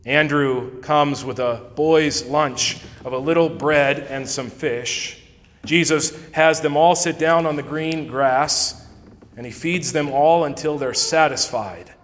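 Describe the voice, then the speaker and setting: Slow-preaching male pastor in reverberant church. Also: on the high side, fairly bright tone. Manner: slow, measured preaching with quoted scripture. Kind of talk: sermon. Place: church sanctuary.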